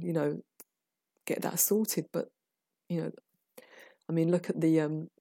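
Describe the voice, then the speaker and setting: A woman speaking as a patient advocate guest on a podcast, earnest and halting, with many fillers and restarts. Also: deep voice, warm tone, no room sound, studio quality. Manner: earnest, halting, full of "you know" and restarts. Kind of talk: podcast interview.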